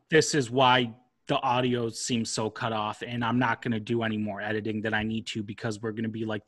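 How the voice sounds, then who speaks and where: A young man hosting a casual podcast, ranting with lots of swearing, recorded on a laptop mic. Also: on the low side. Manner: profane, ranting. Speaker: podcast host.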